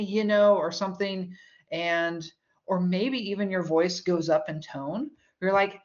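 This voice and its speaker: A woman's voice: medium pitch, measured pace, muffled recording. A woman teaching a college English course in a recorded lecture, explaining with everyday examples and chatty asides.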